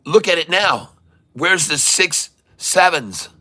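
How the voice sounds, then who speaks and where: Excited running commentary comes from a middle-aged man hosting a live day-trading stream, who keeps calling his viewers "folks." His voice is on the high side, and he takes it slowly.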